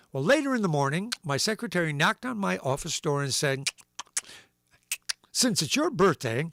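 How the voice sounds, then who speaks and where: A livestream host reads a comic newspaper story aloud, playing the animated storyteller by voicing its characters and sound effects. His pitch is fairly high, and the recording has no echo.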